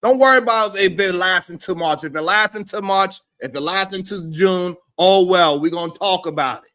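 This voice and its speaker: A man hosting a live stream, giving animated, profane reaction commentary and laughing often. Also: high voice, moderate pace.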